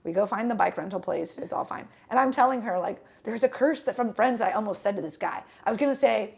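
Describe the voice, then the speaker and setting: A woman's voice: mid-range voice, fast talker, gravelly, darkish tone. A young woman telling a rambling travel story on a casual podcast, with lots of fillers and restarts. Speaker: podcast co-host.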